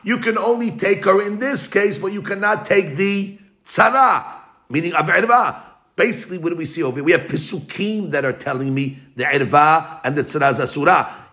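Male Talmud teacher, bright and forceful tone, animated back-and-forth argument, chanted quotes. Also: high-pitched. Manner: animated, argues both sides in a quick back-and-forth; slows to chant Hebrew and Aramaic quotes. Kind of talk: Talmud lesson.

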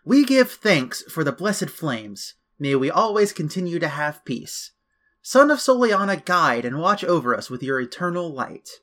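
A man's voice: on the high side, big pitch swings, a bit bright, pitched above the performer's own voice. Man doing Elise, a solemn princess. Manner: slow, solemn, prayerful. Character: solemn young princess at a ceremony.

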